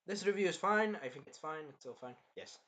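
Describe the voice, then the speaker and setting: A young man chats through an anime review in a loose, rambling way, full of likes and you-knows. His voice is on the higher side and bright, with a forceful, crisp edge. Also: animated, a little fast. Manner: rambling, filler-heavy, acts out scenes. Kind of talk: casual video review.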